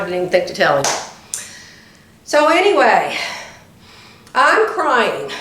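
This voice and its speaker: An older woman telling a long story in a chatty vlog, often laughing as she talks. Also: on the high side. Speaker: vlogger. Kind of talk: casual storytelling. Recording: roomy echo.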